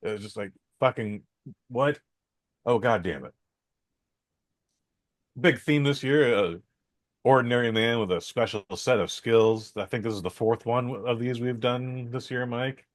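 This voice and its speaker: A man's voice: mid-range voice, unhurried, pauses often, dry recording. A man hosting a podcast, rambling through a casual film review with many fillers, restarts and some swearing.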